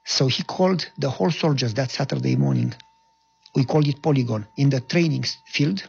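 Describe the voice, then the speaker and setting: Husky romanian guy telling his story, raspy voice, muffled lo-fi audio. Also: medium pitch. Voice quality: gravelly, husky. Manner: earnest, halting storytelling. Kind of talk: personal testimony. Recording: lo-fi dull recording.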